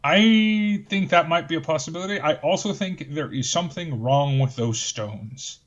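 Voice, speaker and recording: A man chatting as a player at a tabletop game, tentative and quick to laugh. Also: a little high. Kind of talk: casual game-table chat. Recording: muffled lo-fi mic.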